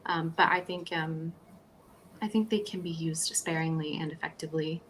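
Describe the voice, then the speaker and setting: A woman's voice: low-pitched, fairly even intonation, normal speed, fairly bright tone, a little hiss or hum, rough recording. Musing woman on a writing stream. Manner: thinks aloud, musing and a little rambling. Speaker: writer co-host of a writing stream. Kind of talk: casual chat on a live stream.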